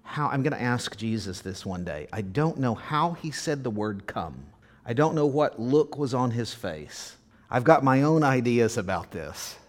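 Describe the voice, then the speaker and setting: A man's voice: medium pitch, expressive, a little slow. A male pastor giving a sermon to a live congregation, preaching conversationally, asking the audience questions and acting out scripture quotes with drama. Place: church service before a congregation.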